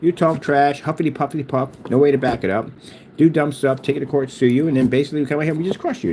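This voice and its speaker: A man's voice: a little high, steady tone, fast talker, background noise. A man running a small business, talking casually in a rambling vlog from his workshop and taunting his critics. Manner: taunting, mocking haters in a sing-song voice.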